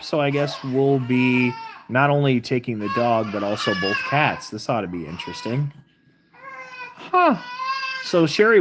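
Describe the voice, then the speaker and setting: A deep-voiced woman from southern Missouri, with a Southern accent, hosts a casual live stream, chatting with viewers and reading their comments out loud. There's slight background noise.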